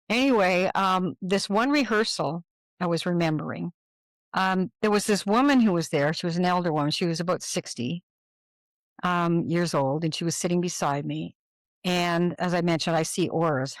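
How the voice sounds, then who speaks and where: A woman's voice: fairly low pitch, no echo. An older woman, a podcast guest, telling a personal story and acting out the dialogue she quotes.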